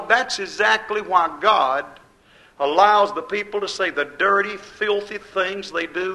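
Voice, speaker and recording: Male preacher, high voice, rhythmic repetitive sermon delivery. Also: sharp tone, rough recording. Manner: rhythmic repetition, rising and falling emphasis.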